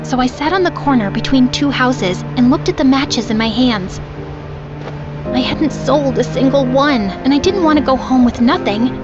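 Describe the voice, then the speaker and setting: A woman's voice: high-pitched, normal speed, natural voice. A woman voicing a sad young match-selling girl. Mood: sorrowful. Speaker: first-person narrator of an animated story. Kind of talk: storybook narration. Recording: dull lo-fi audio under loud music.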